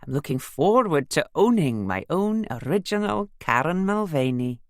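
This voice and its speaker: A woman's voice: deep voice, expressive, measured pace, mellow, no echo. A woman reading a cheerful female friend in an audiobook, light and breezy in manner. The recording is dry and close-up.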